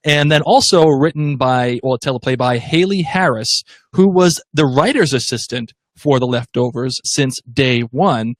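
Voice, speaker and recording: A man's voice: medium pitch, unhurried, hardly any pauses, no echo, clean studio sound. A young man co-hosting a casual TV podcast, reading listener comments aloud and laughing often. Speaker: podcast co-host. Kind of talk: casual chat on a live-streamed podcast.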